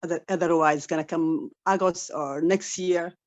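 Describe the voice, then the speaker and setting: Low-voiced enthusiastic woman on a call. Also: steady tone, moderate pace, lo-fi sound. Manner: enthusiastic, simple phrasing. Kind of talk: casual group call.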